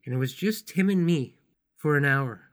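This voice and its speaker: A man hosting his own podcast, telling personal stories in a gentle, unhurried, tender way. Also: a little high. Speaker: podcast host and author. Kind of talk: reflective personal podcast monologue.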